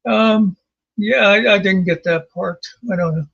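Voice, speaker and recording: High-voiced slow rambling man. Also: vocal fry, fairly bright tone, lo-fi sound. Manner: rambling, sarcastic, with profanity. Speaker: commentary channel host. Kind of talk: casual recap commentary. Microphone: home mic, off camera.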